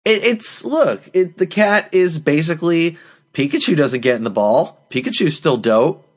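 A male podcast host with a very animated, swooping voice. He banters playfully and now and then puts on an overblown, solemn delivery for laughs. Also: on the high side, moderate pace. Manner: jokey, slips into mock-grand solemn delivery.

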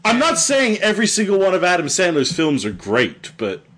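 Earnest young male co-host, high and animated, hesitant. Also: normal speed. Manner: earnest, hesitant, many fillers. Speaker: podcast co-host. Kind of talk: casual comedy chat.

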